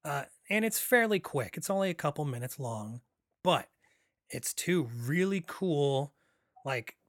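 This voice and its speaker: Excitable rambling man on a dry mic. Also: fairly high pitch, measured pace, no room sound. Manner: rambling, excitable, many fillers and restarts. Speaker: podcast host. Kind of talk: casual film discussion.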